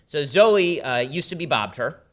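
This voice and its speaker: Campus guest speaker, male; brisk, sardonic storyteller with a slightly high pitch. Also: expressive. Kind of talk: public talk with a told anecdote. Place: university event before a live audience.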